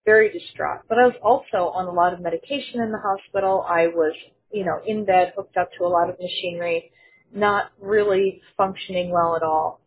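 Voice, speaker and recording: A woman's voice: lowish voice, fairly even intonation, fairly quick, slightly rough. A woman sharing a personal testimony in an earnest storytelling manner, quoting others in her own voice. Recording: phone-like narrow sound.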